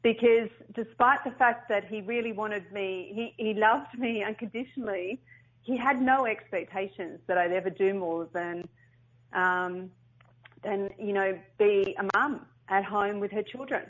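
A woman's voice: medium pitch, unhurried. A middle-aged woman, a company founder telling her story earnestly in an interview. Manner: earnest, animated storyteller with restarts. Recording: muffled lo-fi sound.

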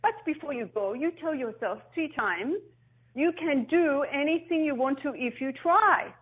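A woman's voice: sits high, lively intonation, unhurried, fairly bright tone, voice pushed up. Woman quoting a stern towering Dutch dad. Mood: firm. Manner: firm, commanding, insistent. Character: stern towering Dutch father coaching his little girl. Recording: muffled lo-fi sound.

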